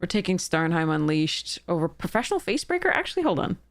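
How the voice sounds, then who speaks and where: A woman's voice: fairly low pitch, sing-song, fast, no room sound. A woman streaming a card game draft, thinking aloud in casual commentary and laughing at her own mistakes.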